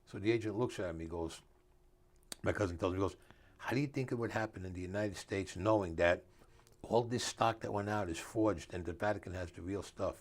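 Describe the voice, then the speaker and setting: A man's voice: deep voice, a little fast. Older New man telling street stories. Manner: streetwise storyteller, acts out dialogue, drops grammar. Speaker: author and guest. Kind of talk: casual storytelling interview.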